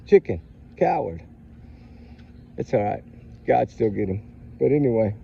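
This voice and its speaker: A man's voice: mid-range voice, lively intonation, normal speed, vocal fry, long pauses, mellow. A man, talking in an upset, preachy way as he vlogs outdoors on his phone. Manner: upset, preachy, Southern-style y'all talk. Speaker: true crime vlogger. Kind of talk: emotional casual vlog talk. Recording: dull lo-fi phone audio with faint street noise.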